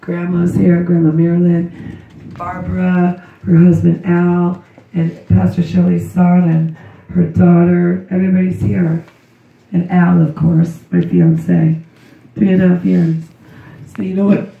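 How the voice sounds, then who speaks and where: Hoarse grieving mother, distant and echoey. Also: on the low side, little pitch movement. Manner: rambling, emotional, halting. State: hoarse with a cold. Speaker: grieving mother giving a memorial tribute. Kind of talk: spoken memorial tribute. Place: memorial service room. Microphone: recorded from a distance by someone in the room. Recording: dull, roomy, distant recording.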